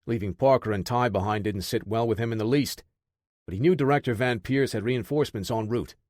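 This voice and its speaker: A man narrating a military action audiobook in a steady, measured reading. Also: medium pitch, dry recording. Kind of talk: scripted narration.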